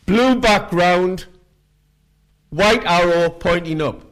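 A man preaching, telling street-evangelism stories in a lively way. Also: high-pitched, takes it slowly. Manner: animated, acts out quoted voices. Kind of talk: sermon with storytelling.

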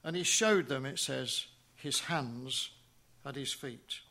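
Using a mid-range voice with vocal fry, a man gives a sermon in a measured way. He drops to a hush for key phrases and asks rhetorical questions along the way.

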